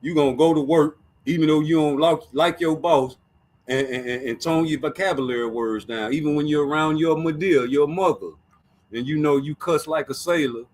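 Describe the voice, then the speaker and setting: A man's voice: fairly high pitch, normal speed, darkish tone. Profane, emphatic man hosting a boxing talk show. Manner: profane, emphatic, repeats himself. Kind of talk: casual streamed commentary.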